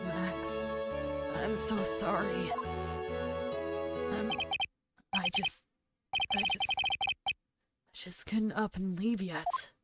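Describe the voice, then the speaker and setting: A woman voicing a grieving young male circus acrobat who confesses in a soft, halting, sorrowful way over loud game music. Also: medium pitch. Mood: remorseful.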